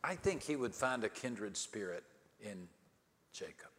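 A male pastor preaching a storytelling sermon with dry humor, dramatic pauses and swings from hushed to loud. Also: on the low side, big pitch swings. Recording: long hall reverb.

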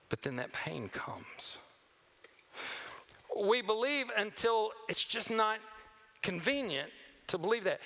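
A male pastor delivers a sermon in a high, bright voice with a gravelly fry at the edges of his phrases. He pushes his key lines out loud and strong, then pulls back into soft, hushed near-whispers. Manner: dynamic preaching, swinging from loud emphasis to hushed near-whispers.

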